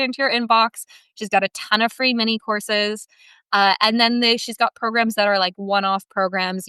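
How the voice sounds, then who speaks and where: A woman speaks on a podcast with a smooth, resonant voice. She tells heartfelt, rambling stories, restarting her sentences as she goes. The recording is close and dry. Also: medium pitch, sharp tone, no room sound. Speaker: guest, team member of a dressage education business. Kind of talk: casual podcast interview storytelling.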